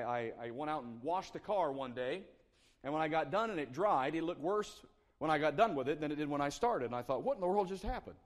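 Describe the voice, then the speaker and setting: Pastor, male, higher register, earnest sermon delivery with drawn-out quotes. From South Carolina. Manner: earnest preaching, slowing down on scripture quotes.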